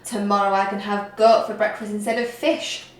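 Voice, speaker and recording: A woman's voice: mid-range voice, level tone, moderate pace, roomy sound, natural voice. A woman voicing a timid, hungry male troll who stammers when frightened, in a read-aloud storybook. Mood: scheming. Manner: nervous, stammering.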